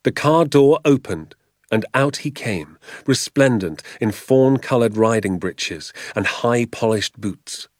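A man reading a children's novel aloud as a measured, expressive storybook narration. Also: medium pitch, dry recording, clean studio sound. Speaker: audiobook narrator.

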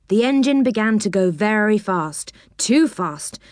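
A woman reading a children's story aloud in an expressive storytelling manner. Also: medium pitch, measured pace, hardly any pauses, no room sound, clean studio sound.

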